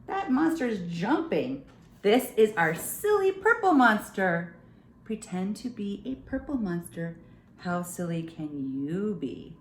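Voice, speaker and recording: A woman's voice: mid-range voice, slow pace. A young adult woman reading a picture book aloud to children, playful and sing-song, hosting a storytime. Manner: playful, sing-song, animated with silly sounds. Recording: echoey room.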